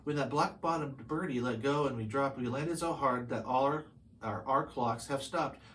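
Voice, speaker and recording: A man voicing a tiny, grateful male town mayor while reading a storybook aloud, speaking softly and quietly. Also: mid-range voice, moderate pace, a little hiss or hum, natural voice.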